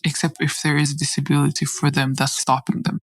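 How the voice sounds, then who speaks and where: On a podcast, a woman guest earnestly shares a personal faith story, halting and restarting and often falling nearly to a whisper. Her voice sits low and her delivery is flat, in a rough recording.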